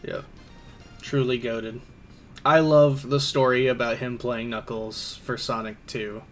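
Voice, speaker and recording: A man's voice: mid-range voice, steady tone, a little slow, a bit bright, faint music behind. A man streaming a racing game, chatting casually about shows and movies with many fillers.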